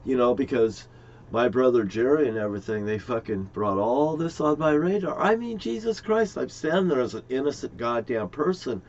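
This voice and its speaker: A man's voice: medium pitch, a little mellow. A middle-aged man talking in a rambling, aggrieved monologue to his viewers, swearing often. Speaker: vlogger. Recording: dull lo-fi recording.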